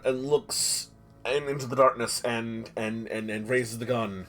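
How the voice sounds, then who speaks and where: A man with a mid-range, level, slightly bright voice runs a tabletop game as game master at a measured pace. He narrates scenes dramatically and descriptively, restarting often, and asks players for rolls.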